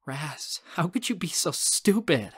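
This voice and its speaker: A man's voice: a little high, lively intonation, slow pace. Puppy, a man reading a blunt teen girl. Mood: exasperated. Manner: frank, scolding, then urgent.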